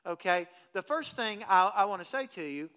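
Bright high-voiced man preaching. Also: lively intonation, normal speed, clear, resonant tone. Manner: folksy, conversational preaching with repeated restarts. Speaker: pastor. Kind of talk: sermon.

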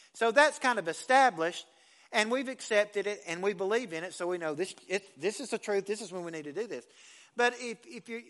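Pastor, male, high bright voice, folksy conversational sermon delivery. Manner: folksy, conversational preaching with repeated restarts.

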